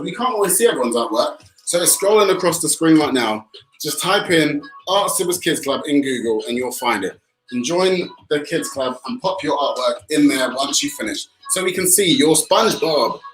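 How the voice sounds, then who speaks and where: A man's voice: on the high side, animated, moderate pace, fairly bright tone. A man co-hosting a kids' painting class, upbeat, prompting and reassuring the viewers. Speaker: co-host. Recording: echoey room.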